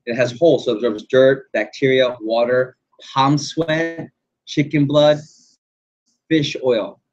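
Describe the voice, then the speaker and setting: Energetic man leading a sales training. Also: medium pitch, unhurried. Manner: animated, asks the group questions. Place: training room. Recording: dull lo-fi recording.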